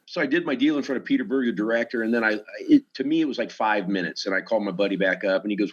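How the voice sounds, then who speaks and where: A man's voice: lowish voice, very fast, few pauses, lo-fi sound. A man who works as a stuntman, a podcast guest telling casual stories and acting out the quoted lines in them. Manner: animated, acts out quoted dialogue in the story.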